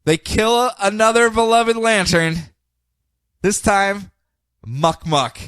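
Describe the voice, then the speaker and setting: A man's voice: sits high, fairly even intonation, takes it slowly, a bit bright, smooth, no room sound. A man hosting a podcast who recaps comics casually, in a joking, facetious way. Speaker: podcast host.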